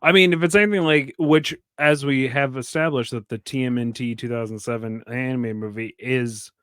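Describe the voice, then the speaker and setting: Deadpan joking man, dry close sound. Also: medium pitch, normal speed, clear, resonant tone, no room sound. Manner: deadpan joker, agreeable backchannels. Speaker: podcast co-host. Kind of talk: casual movie-review chat.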